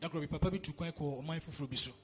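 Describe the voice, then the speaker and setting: Fast high-voiced male sermon interpreter. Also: faint music behind. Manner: quick, echoes each line after the preacher.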